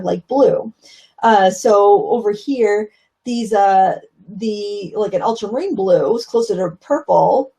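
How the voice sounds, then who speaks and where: Gravelly-voiced woman teaching watercolor. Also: mid-range voice, warm tone, low-quality recording. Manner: chatty, explains while painting, many fillers. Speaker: watercolor instructor. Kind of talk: live-stream painting lesson.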